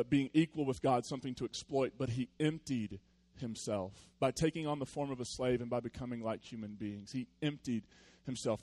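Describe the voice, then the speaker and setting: Male pastor, mid-pitched, chatty sermon delivery, jumps from loud bursts to hushed earnest points. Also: no room sound. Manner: conversational, storytelling, with playful asides; swings from loud animated bursts to quiet earnest tones.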